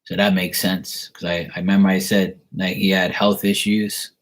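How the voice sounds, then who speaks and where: Man, lowish voice, tarot reader, casual stream chat, rambling, blunt. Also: little pitch movement, normal speed. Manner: rambling, many "you know" fillers. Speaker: tarot reader answering viewer questions.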